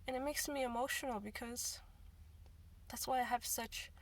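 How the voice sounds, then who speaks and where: A woman speaking in a halting, emotional way in a personal confessional vlog, often repeating herself. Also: on the high side, steady tone, far from the mic. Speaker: vlogger.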